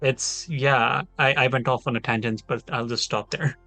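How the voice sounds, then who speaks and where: A man's voice: mid-range voice, steady tone, moderate pace, bright, forceful tone, no room sound, faint music behind. A man in his twenties, a podcast panelist giving a long, heated, opinionated take in casual discussion. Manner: opinionated, talks at length, heated.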